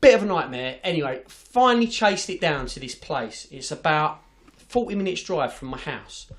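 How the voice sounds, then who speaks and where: A man's voice: fairly high pitch, animated, moderate pace. A man hosting a podcast, telling an office story in a sweary, ranting, casual way. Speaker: podcast host.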